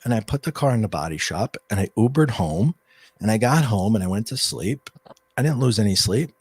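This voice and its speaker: A middle-aged man, a guest coach and author, telling a personal story in a rambling, animated way with frequent restarts. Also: lowish voice, fairly quick, slightly rough, dry recording. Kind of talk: storytelling in an interview.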